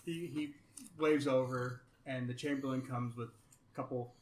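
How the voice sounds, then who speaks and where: A man narrating as game master, playful and halting, with many fillers, recorded in a roomy space. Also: medium pitch, little pitch movement. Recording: roomy echo, faint noise.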